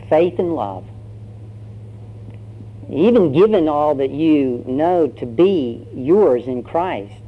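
A pastor preaching, telling a story in a conversational way with fillers. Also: male voice, medium pitch. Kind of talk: sermon with storytelling. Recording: dull lo-fi sermon recording, faint hum.

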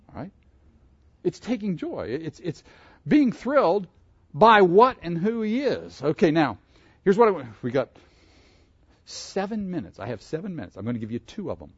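A man from Pittsburgh preaching a sermon, animated and asking his listeners questions. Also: fairly high pitch, breathy edge, dry recording, highs cut off. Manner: animated, asks the audience questions. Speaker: pastor.

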